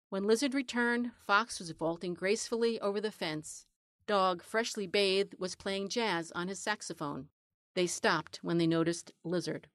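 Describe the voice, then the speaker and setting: A woman narrating a children's story in a calm, even way. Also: on the low side, a little slow, no room sound, clean studio sound.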